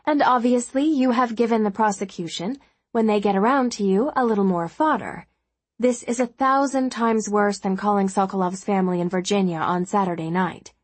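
A woman voicing a blunt, sharp-tongued woman lawyer in a storybook reading, frank and scolding. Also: medium pitch, normal speed, slightly rough, dry recording, close to an everyday voice.

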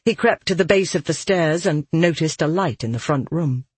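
A narrator reading a fantasy audiobook in a steady, measured way. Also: medium pitch, breathy edge, no echo.

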